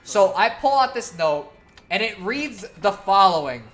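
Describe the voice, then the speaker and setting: A woman's voice: medium pitch, animated, a little slow, a bit bright. A woman streamer telling a long story in a casual, profane, laughing way.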